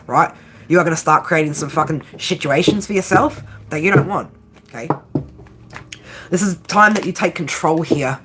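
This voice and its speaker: Husky-voiced blunt, swearing woman tarot reader. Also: deep voice, fairly bright tone. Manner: blunt, profane, pep-talk exhortation; repeats "right?" and "okay?" constantly. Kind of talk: tarot reading monologue.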